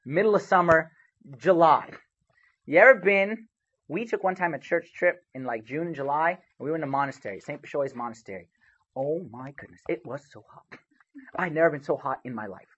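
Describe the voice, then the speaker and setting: Husky male preacher, animated storytelling. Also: on the high side, normal speed, dull audio. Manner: animated storytelling with sharp swings in loudness. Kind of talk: sermon.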